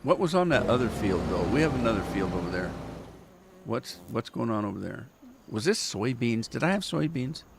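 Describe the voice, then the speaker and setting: Guy rambling on his game stream, mid pitch, chatty, tells stories while playing. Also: sing-song, moderate pace, vocal fry, a little hiss or hum. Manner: rambling storyteller with restarts and chuckles. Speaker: gaming livestream host. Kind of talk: casual chat while playing.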